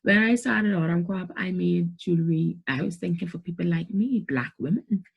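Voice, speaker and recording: A woman's voice: lowish voice, moderate pace, gravelly, slightly rough, muffled recording. A middle-aged woman, giving emphatic motivational business advice to camera and repeating points for stress. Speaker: business coach.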